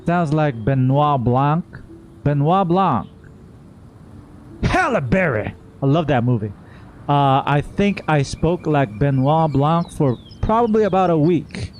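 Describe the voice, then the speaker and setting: A man's voice: fairly high pitch, lively intonation, takes it slowly, darkish tone, a little hiss or hum. A man chatting casually and enthusiastically while streaming a video game, rambling from one thought to the next. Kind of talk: casual gameplay commentary. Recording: game music faintly behind.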